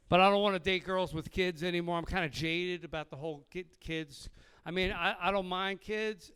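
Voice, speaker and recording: Brash high-voiced stand-up comic man. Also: a bit bright, smooth. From Philadelphia. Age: middle-aged. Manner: brash, profane, acts out dialogue in other voices. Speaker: stand-up comedian. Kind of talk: stand-up comedy set.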